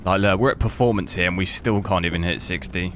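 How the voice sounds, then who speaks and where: Male streamer, low-ish voice, casual rambling commentary, noisy game sound behind. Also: fast talker, fairly bright tone. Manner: chatty, rambling, casual asides. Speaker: gaming streamer.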